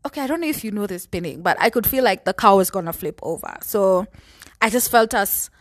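Woman vlogger, lively and profane storytime monologue, dry close recording. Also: medium pitch, fairly quick, dry recording. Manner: animated, profane, conversational.

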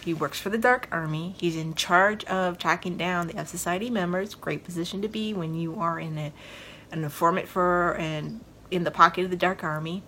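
Woman podcast host, lowish voice, rambling casual episode recap, filler-heavy, faint background hiss. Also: fairly even intonation, moderate pace, sharp tone. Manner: rambling, retells scenes with lots of fillers.

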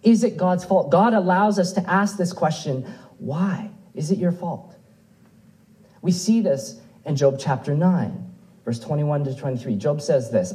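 Earnest male preacher, mellow voice. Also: fairly high pitch, expressive, measured pace, poor audio. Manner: earnest, rising and falling emphasis, quotes scripture aloud. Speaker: pastor. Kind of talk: sermon.

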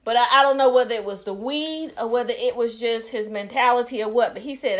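A woman's voice: fairly high pitch, fairly quick, a bit bright. A woman co-hosting a podcast, telling a story in blunt, profane casual chat. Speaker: podcast co-host.

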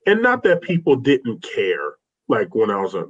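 With a medium-pitched, slightly rough voice that swings hugely in pitch, this interview guest talks at a moderate pace. He rambles earnestly through personal stories with lots of restarts, says "man" a lot, and the lo-fi audio sounds a bit dull.

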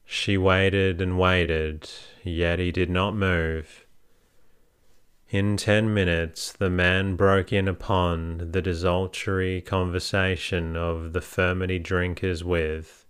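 A man narrating a classic novel in a measured, even way. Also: sits low, clear, resonant tone. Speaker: audiobook narrator.

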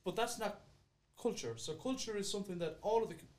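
A man with an Irish accent, explaining things in a casual podcast chat, talking quickly and swearing freely. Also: high voice. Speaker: podcast guest.

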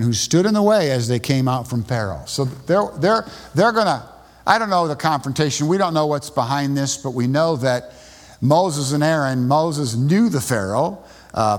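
A man preaches in a mid-pitched voice, retelling stories in a halting way with frequent restarts. His voice carries a long reverb, as in a church sanctuary. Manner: halting storytelling with many restarts. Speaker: pastor. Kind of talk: sermon. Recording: long reverb in a large hall.

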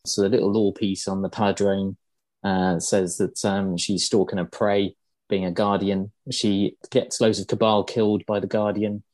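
A podcast host talks through game lore in a relaxed, halting way, full of ums. His voice sits low. It is recorded close, with no room sound. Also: dry recording. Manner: rambling with many ums and uhs. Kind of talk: casual chat explaining game lore.

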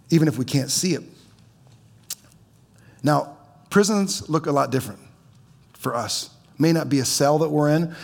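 A man's voice: fairly high pitch, gravelly. A man preaching as a pastor in a church, conversational, with stammering restarts and teasing humor. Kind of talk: sermon.

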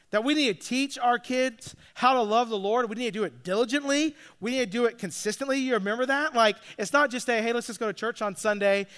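A man's voice: extremely high pitch, a bit bright, clean tone. A middle-aged man, a pastor, giving a conversational sermon full of asides and restarts.

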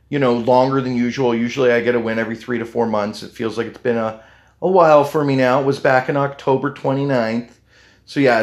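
A man talking casually on his own podcast, drifting from point to point with plenty of "um"s and restarts. His voice sits at an ordinary middle pitch, relaxed and chatty. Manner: rambling and chatty, with many fillers and restarts. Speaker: podcast host. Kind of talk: casual solo podcast talk.

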